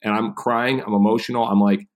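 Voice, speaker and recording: A man in his thirties, a podcast guest, telling stories in a casual animated way and acting out quoted dialogue. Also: fairly low pitch, a little fast. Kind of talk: casual interview storytelling.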